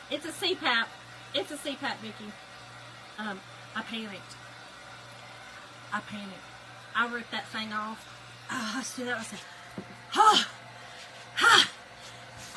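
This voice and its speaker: A woman hosting a casual livestream, telling a story to her viewers in an animated way and often breaking into laughter. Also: medium pitch, noisy background. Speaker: livestream host.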